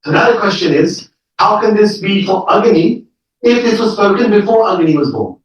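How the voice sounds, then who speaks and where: A man's voice: high voice, animated, moderate pace, highs cut off. A man teaching a live scripture class, explaining each word step by step and checking in with the audience. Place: lecture room with an audience. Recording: echoey room, mic far off.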